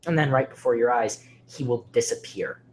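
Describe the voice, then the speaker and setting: A man narrating a creepy horror story with dramatic delivery, often sinking to a hushed near-whisper. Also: mid-range voice, moderate pace, slight background noise.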